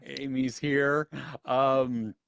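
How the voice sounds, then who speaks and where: A man's voice: mid-range voice, drawn-out words, vocal fry, clear, resonant tone, dry recording. A man co-hosting a live movie chat stream, greeting viewers by name and laughing often. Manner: animated, laughs often, reads chat names.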